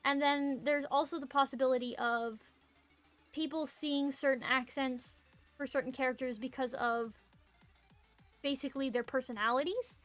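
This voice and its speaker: A woman's voice: sits high, fairly even intonation, moderate pace, a bit bright, faint music behind. A woman with a Southern US accent, chatting casually on a stream as she draws, thinking aloud and explaining things to her chat.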